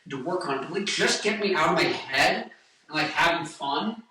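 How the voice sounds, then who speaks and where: A man's voice: on the high side, expressive, normal speed, far from the mic, very noisy. A man in his twenties, a singer, giving casual vocal advice in a rambling way full of fillers. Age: 20s. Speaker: singer and vlogger. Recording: echoey room, voice off-mic.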